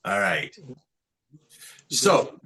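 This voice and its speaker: A man teaching Torah chanting on a video call, halting with fillers and restarts, chuckling at his own jokes. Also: fairly low pitch, sing-song, sharp tone. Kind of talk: online lesson with sung examples.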